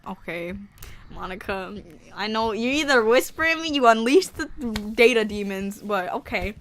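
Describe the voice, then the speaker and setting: Excitable slangy woman gaming YouTuber. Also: fairly high pitch, moderate pace. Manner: loud, excitable, slangy, laughs and yells reactions. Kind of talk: game commentary.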